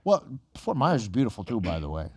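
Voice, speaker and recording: A man's voice: on the low side, huge pitch swings, fast, warm tone, husky, no room sound, studio quality. A man from the Bronx, co-hosting a podcast and mostly adding short, agreeable comments. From the Bronx, New York. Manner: brief agreeable interjections. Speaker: podcast co-host. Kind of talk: casual podcast chat. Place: podcast studio.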